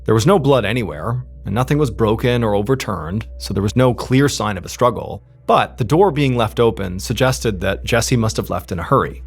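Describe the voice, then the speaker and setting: A man narrates a true crime story in a relaxed, conversational way, dropping in frequent "you know" asides. His voice is gravelly and a little husky, and his pitch rises and falls in a lively way. Faint music plays underneath. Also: normal speed, few pauses.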